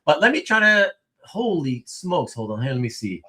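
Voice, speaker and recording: A man hosting a casual live-stream chat, talking in an animated way, with frequent stammers and repeated words. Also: fairly high pitch, normal speed. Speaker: host.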